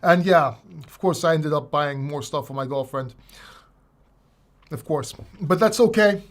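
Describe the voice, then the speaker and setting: A man's voice: fairly high pitch, a little slow. A man hosting a casual crypto livestream, rambling and joking at his own expense. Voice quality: self-mocking, rambling, many restarts. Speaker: crypto channel host.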